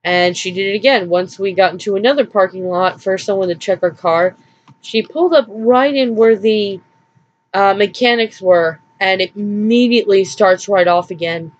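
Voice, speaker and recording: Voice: mid-range voice, moderate pace, lo-fi sound. A vlogger telling a personal story in a rambling, hesitant way, with nervous little laughs, sounding upset and drained.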